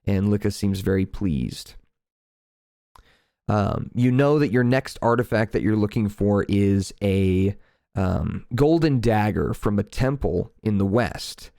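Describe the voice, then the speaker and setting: A man in a relaxed, chatty manner, narrating a tabletop game as game master. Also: fairly low pitch, slow, gravelly, dry recording, clean studio sound. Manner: relaxed, chatty, laughs easily.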